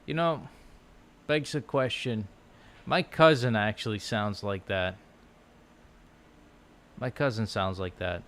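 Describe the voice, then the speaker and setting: A man vlogging from a low couch at home into his laptop, musing aloud in a loose, rambling way full of "like" and restarts. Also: slow pace, long pauses, fairly bright tone. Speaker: language-learning vlogger. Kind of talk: casual rambling chat. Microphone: laptop microphone.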